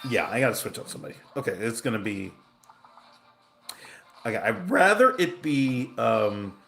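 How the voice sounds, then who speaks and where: A man's voice: mid-range voice, animated, moderate pace, creaky, a bit bright, faint music behind. A man chatting casually on a livestream, telling a rambling story full of fillers and restarts while reacting to his game. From Southern California. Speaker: game streamer.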